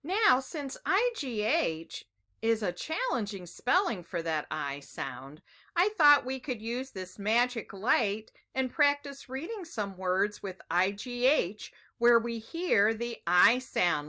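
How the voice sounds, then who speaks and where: A woman teaching young children their letter sounds, her voice bright and clear. She speaks slowly and coaxingly, in a sing-song classroom manner that is pitched a little high. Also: very animated. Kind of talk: children's phonics lesson.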